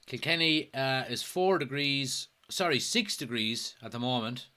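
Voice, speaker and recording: A man's voice: medium pitch, expressive, a little slow, bright, forceful tone. An Irish man hosting a casual football watchalong livestream, joking, swearing and reading viewer comments aloud. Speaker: host.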